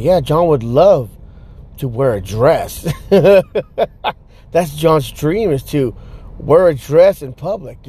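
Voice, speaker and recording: A man's voice: fairly high pitch, a little mellow. A man rambling casually to the camera outdoors at night, full of restarts, fillers and swearing. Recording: faint outdoor traffic noise.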